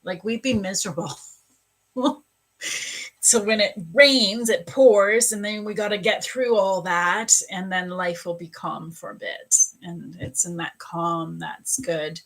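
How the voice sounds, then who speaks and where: A woman's voice: mid-range voice, steady tone, slow, fairly bright tone, poor audio. A woman psychic medium talks straight to her viewers during a live reading. Her speech is gushing and heartfelt, and she drifts from thought to thought with plenty of fillers. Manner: effusive, emotional, rambling with fillers. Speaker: psychic medium and spiritual coach.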